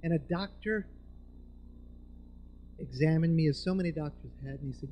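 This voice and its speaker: A man telling a personal story in a live storytelling performance, moving between hushed and emphatic delivery. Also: a little high, moderate pace, pauses often, highs cut off, a little hiss or hum. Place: live event venue with audience.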